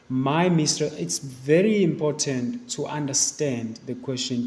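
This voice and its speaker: A male English teacher goes through an exam paper at a patient, explanatory pace, with fillers and repeated phrases. His mid-pitched voice carries a long reverb tail, as if he were recorded in a bare hall. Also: darkish tone. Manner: explanatory, talks students through questions with many fillers. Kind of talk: exam review lesson.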